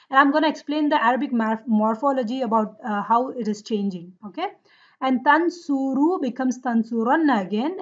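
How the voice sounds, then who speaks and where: High-pitched woman teacher, patient drilling delivery, dull lo-fi class recording. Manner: drills forms slowly, checks with "right?" and "okay?". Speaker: Arabic grammar teacher. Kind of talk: lesson on Quranic Arabic grammar.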